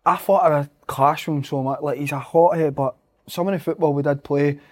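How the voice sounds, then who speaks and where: A man's voice: on the high side, steady tone, brisk, darkish tone. A Scottish man, a footballer guest, telling stories in casual chat, swearing freely and laughing as he goes.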